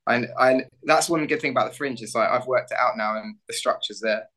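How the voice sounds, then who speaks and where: Male comic, bright tone, lively self-mocking storyteller. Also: mid-range voice, a little fast. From suburbs of London, England. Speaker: stand-up comedian, guest. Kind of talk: casual interview with told jokes.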